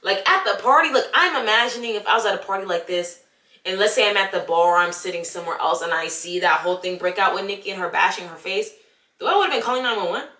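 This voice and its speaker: A young woman, casually ranting about a movie she saw and talking straight to the viewer in an animated, exasperated way. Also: medium pitch, fast talker, echoey room. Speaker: vlogger. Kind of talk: casual movie review rant.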